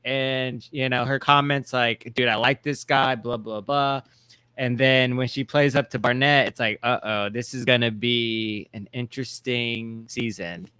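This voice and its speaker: A man's voice: mid-range voice, fairly even intonation, unhurried, pushed and bright, clean tone, dry recording. A man co-hosting a casual TV recap chat, rambling with many fillers and restarts. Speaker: co-host.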